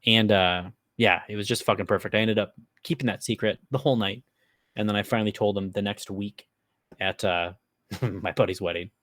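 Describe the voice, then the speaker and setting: Midwest dude rambling thru a story, swears a lot, lowish voice. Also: male voice, fairly even intonation, fairly quick, fairly bright tone, dry recording, studio quality. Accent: Upper Midwest American. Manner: rambling, swears freely, laughs while telling. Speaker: podcast co-host. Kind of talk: casual storytelling chat.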